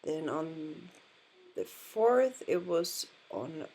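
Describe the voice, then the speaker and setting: A woman's voice: deep voice, very animated, drawn-out words, dark tone, slightly rough. A woman with a Finnish accent, patiently explaining pronunciation in a language lesson and repeating words to model them. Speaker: language teacher.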